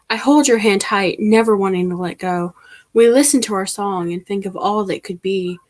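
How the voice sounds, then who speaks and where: A young woman reciting her own poem at an online open mic, in a soft, steady delivery over a computer mic. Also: medium pitch. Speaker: youth spoken word poet. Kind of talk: reciting poetry. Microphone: computer mic on a video call.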